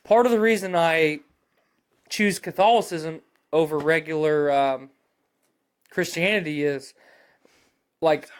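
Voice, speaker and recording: A man's voice: a little high, clear, resonant tone. A man co-hosting a podcast in casual chat, blunt and opinionated, swearing freely. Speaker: podcast co-host.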